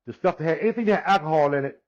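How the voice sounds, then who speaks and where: A man in his sixties telling his personal testimony in conversation, unhurried, acting out the dialogue he quotes, with frequent restarts. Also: on the high side, animated. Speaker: guest sharing his testimony. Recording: dull lo-fi recording.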